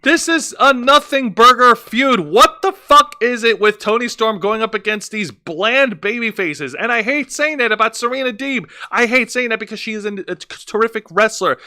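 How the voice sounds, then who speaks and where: A man's voice: high-pitched, expressive, normal speed, sharp tone. A man co-hosting a wrestling podcast, recapping segments with many fillers and restarts. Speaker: co-host. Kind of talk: casual wrestling review chat.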